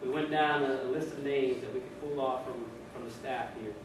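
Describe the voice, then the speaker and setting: A man's voice: mid-range voice, fairly even intonation, fairly quick. A man, an officer, giving an informal retirement speech, telling stories with repeated words and frequent laughs. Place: ceremony room, speaking before an audience. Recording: echoey room, distant mic, background noise.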